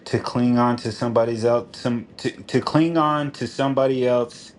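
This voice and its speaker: A man talks loosely and at length on a stream, at a middle pitch. His telling is profane and rambling, thick with "dude", and he keeps breaking into laughter. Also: fairly even intonation, normal speed. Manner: laughs often while telling a story. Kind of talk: casual chat.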